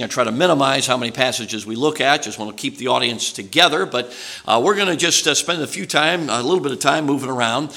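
Bright-voiced Chicago preacher, folksy and chatty. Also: male voice, medium pitch. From Chicago, USA. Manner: folksy, chatty, many "uh"s and "okay"s. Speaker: traveling preacher. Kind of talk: sermon introduction to a congregation.

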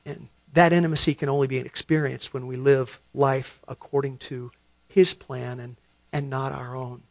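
A middle-aged man preaching a sermon, telling a story and repeating words as he builds to loud emphasis. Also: medium pitch, flat delivery, moderate pace, creaky, dry recording. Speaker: pastor.

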